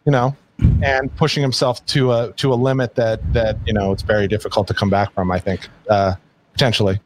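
A man's voice: fairly low pitch, level tone, brisk, slight background noise. A man co-hosting a podcast in casual chat, rambling with many restarts. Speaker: podcast co-host.

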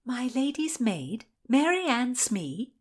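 A woman voicing a determined young gentlewoman who speaks briskly and persuasively in a raised voice. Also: on the high side, very animated, pitched above the performer's own voice, exaggerated voice. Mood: insistent.

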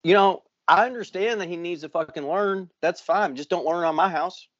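A man's voice: high-pitched, moderate pace, a bit bright, no echo. Middle-aged man, podcast co-host, swearing storyteller, dry dull recording. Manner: profane, ranting storyteller. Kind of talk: casual chat, storytelling.

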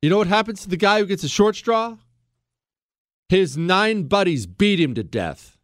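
Heated high-voiced male radio host. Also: expressive, normal speed, no room sound, studio quality. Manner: heated, emphatic, rhetorical questions. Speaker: radio talk show host. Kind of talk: fired-up political monologue.

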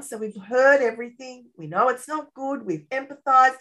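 A woman with a slightly high-pitched voice talks through parenting ideas in a relaxed interview. She is animated and often ends her points with a quick "right?" to check in with the listener. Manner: animated, acts out parent-child dialogue; frequent tag questions. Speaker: parenting expert guest. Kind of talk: casual interview explanation.

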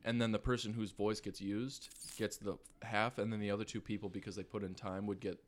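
Rambling, halting young man. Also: on the low side, flat delivery. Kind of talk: casual chat.

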